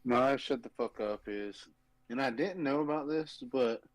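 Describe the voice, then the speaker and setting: A man's voice: mid-range voice, unhurried, no room sound, poor audio. A man co-hosting a sports betting podcast, ranting emphatically and profanely in casual chat. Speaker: podcast co-host.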